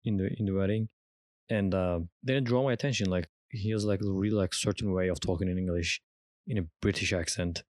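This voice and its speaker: Deep-voiced man from Turkey, halting chat. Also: no room sound. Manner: relaxed, halting, with many fillers and restarts. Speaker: podcast co-host. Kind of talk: casual chat.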